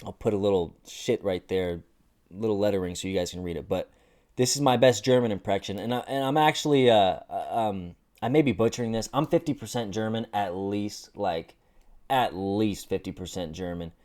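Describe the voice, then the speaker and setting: A man hosting a casual sports commentary vlog, animated and joking with lots of swearing. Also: fairly low pitch, moderate pace. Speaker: host.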